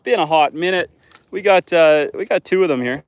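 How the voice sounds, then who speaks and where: A slightly high-voiced man talks a little fast as he fishes by a lake, a homesteader from northern Canada chatting and joking with his livestream audience. The audio is dull, with a noisy background.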